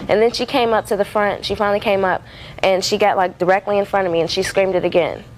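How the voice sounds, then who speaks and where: A woman's voice: medium pitch, fairly even intonation, quick pace, a little hiss or hum, low-quality recording. Rambling woman defendant testifying. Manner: rambling, many fillers and restarts. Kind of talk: courtroom testimony.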